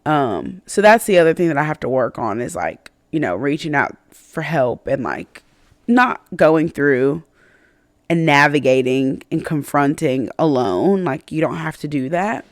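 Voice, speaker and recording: She hosts a faith podcast and speaks reflectively and candidly, her thoughts punctuated by fillers, restarts and self-conscious laughs. Her voice sits low, with lively intonation and a measured pace. The recording is dry and of studio quality.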